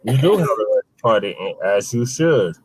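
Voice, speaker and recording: A co-host on a casual livestream who speaks calmly and reasons patiently, pushing back with steady arguments. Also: medium pitch, a little fast, breathy edge, rough recording.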